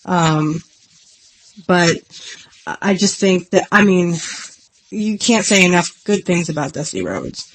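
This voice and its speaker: A woman's voice: on the low side, expressive, slow pace, pauses often. A woman hosting her own podcast in an earnest, rambling, self-deprecating casual chat. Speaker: podcast host.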